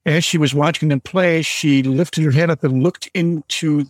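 A man in his seventies from Michigan, calling in and telling a personal story slowly and deliberately, with many pauses. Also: on the high side, steady tone, no echo. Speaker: caller telling a ghost story. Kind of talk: storytelling on a radio call.

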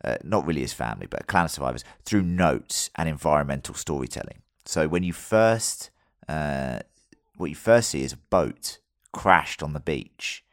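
A man's voice: a bass voice, animated, moderate pace, no echo, clean studio sound. A man hosting a podcast, telling a story loosely with plenty of fillers and the odd swear word. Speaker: podcast host. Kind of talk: casual podcast chat.

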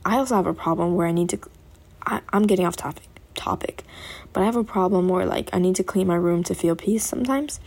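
A woman's voice: fairly low pitch, quick pace, a little mellow, slightly rough. A young woman vlogging at home in a rambling, chatty way, often laughing as she talks. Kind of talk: casual chat to camera. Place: bedroom at home.

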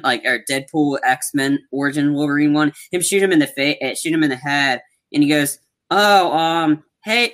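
A man with a medium-pitched, slightly bright voice recaps movie scenes in casual conversation. He rambles with lots of fillers and restarts, acting out the quotes as he goes.

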